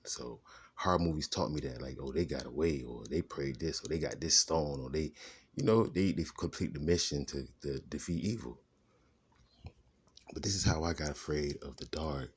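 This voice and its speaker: Very deep husky man rambling. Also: normal speed. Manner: rambling, digressive, restarts often. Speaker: vlogger telling his life story. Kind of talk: casual storytelling monologue.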